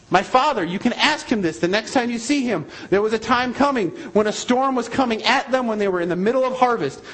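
A man's voice: sits high, fairly bright tone, poor audio. A man, a missionary, preaching a sermon and telling a story in an emphatic, repetitive way.

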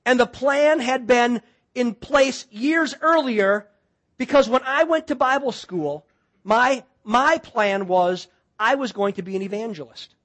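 Guy from wisconsin preaching, pretty high voice, tells stories animated. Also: measured pace. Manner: animated storytelling, voices quoted people. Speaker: pastor. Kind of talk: sermon.

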